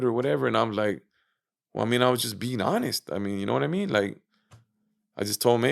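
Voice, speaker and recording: A low, gravelly-voiced man talking as a podcast guest. He retells events casually, full of "you know" and "I go," swearing and acting out what others said. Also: fairly quick. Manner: animated retelling with acted-out quotes, swearing, frequent fillers. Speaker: interview guest. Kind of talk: casual storytelling interview.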